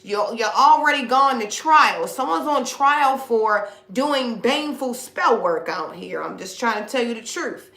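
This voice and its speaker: A woman's voice: a little high, lively intonation, measured pace, hardly any pauses, bright, forceful tone, reverberant. A middle-aged woman giving a casual spiritual reading to viewers, blunt and preachy, with slang and swearing. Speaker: spiritual reader.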